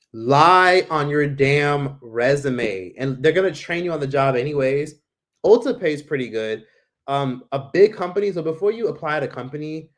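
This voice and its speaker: A man hosting a casual live Q&A from home, rambling with lots of "like" and "literally" and acting out the people he quotes. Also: fairly high pitch. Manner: rambling, fills talk with "like" and "literally"; acts out the voices of people he quotes. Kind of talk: casual livestream chat.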